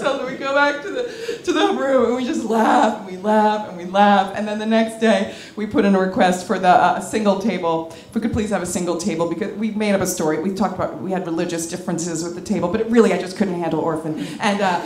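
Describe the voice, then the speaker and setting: A woman telling a comic story on stage to a live audience, animated and candid, often laughing as she talks. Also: medium pitch, brisk, reverberant. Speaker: comedic storyteller. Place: club stage before an audience.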